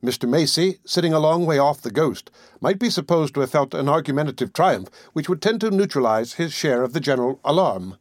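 A man reading a classic novel aloud as an audiobook narrator, measured and deliberate. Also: a little high, animated, no echo, studio quality.

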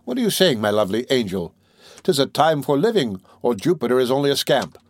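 Dude reading a boastful young captain, smooth-talking, showing off, mid-pitched. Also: male voice, lively intonation, a little fast, dry recording, close to an everyday voice. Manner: swaggering, grand declarations.

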